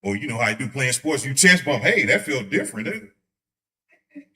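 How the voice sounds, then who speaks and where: Bright-voiced joking male preacher. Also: mid-range voice. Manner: joking, animated, acts out quick voices. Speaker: pastor teaching Bible study. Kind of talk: conversational sermon. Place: church sanctuary.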